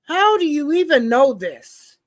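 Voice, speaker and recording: A woman with a high voice comments on a trial in real time, unhurried and openly doubtful. Her voice is close and dry against the mic, with no room sound around it. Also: big pitch swings, no room sound. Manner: skeptical, talks back to the proceedings. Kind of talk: live reaction commentary.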